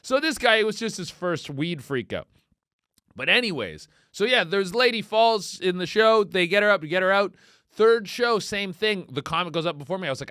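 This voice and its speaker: A male comedian spinning a casual storytelling monologue, his fairly high, bright voice leaping up and down as he goes. He swears freely, breaks into laughter mid-sentence and slips into the voices of the people he quotes. The sound is close and dry. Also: expressive, measured pace, dry recording. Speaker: comedian and podcast host.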